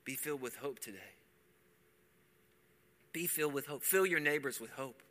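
A male pastor preaching a sermon, moving from quiet, intimate talk to loud, passionate appeals. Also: medium pitch, normal speed. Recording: long church hall reverb.

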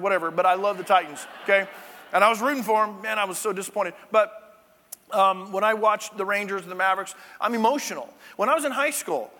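A man's voice: high voice, sharp tone. A male pastor giving a conversational sermon, with chatty, jokey asides to the congregation, in a church sanctuary. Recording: long church-hall reverb.

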